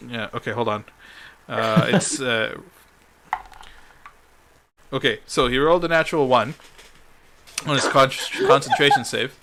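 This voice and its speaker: A man running a tabletop game as dungeon master, halting and full of "uh"s as he checks the rules. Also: mid-range voice, a bit bright, slight background noise. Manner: halting, fills pauses with "uh", laughs along.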